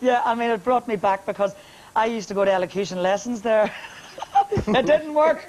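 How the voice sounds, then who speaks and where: Northern Irish woman, deep powerful voice, jokey guest who laughs a lot. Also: moderate pace, a little mellow, slight background noise, poor audio. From Northern Ireland. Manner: hearty, laughs often, comic storyteller. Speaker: singer and guest. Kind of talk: joking TV chat.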